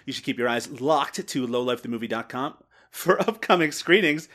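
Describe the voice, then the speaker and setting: A man's voice: mid-range voice, animated, moderate pace, fairly bright tone. A man from Canada hosting a comedic podcast, teasing his guests in a mock-serious, joking way. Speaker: podcast host.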